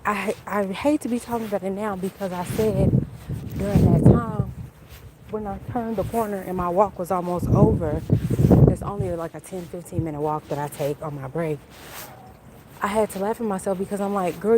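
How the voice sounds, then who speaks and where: A woman chatting on a casual walk-and-talk livestream outdoors, talking in an animated way and answering viewers' comments. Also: medium pitch, background noise. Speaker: livestream vlogger.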